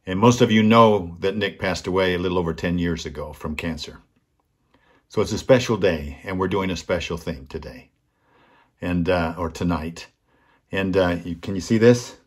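An older man with a deep, slightly husky voice hosts a weekly talk segment. He tells a personal story in an earnest, heartfelt way and brings the people in it to life by acting out their lines. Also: normal speed. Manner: earnest, acts out quoted voices. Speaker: host.

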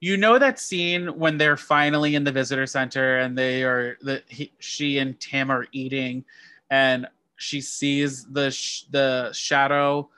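Bright-voiced rambling podcast host. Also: medium pitch, steady tone, a little slow, clear, resonant tone, no room sound. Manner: rambling, self-correcting delivery. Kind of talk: casual movie-trivia chat.

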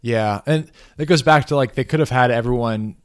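A man co-hosting a casual film review podcast, chatting in an animated way and acting out his own reactions. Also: medium pitch, moderate pace, clear, resonant tone, no room sound, studio quality. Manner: animated, acts out quoted reactions. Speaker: podcast co-host.

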